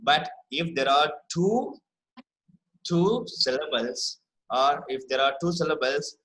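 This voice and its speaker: A man teaching a spelling lesson, explaining patiently, repeating words slowly and asking "right?" to check understanding. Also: fairly high pitch, fairly bright tone, poor audio. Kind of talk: online classroom lesson.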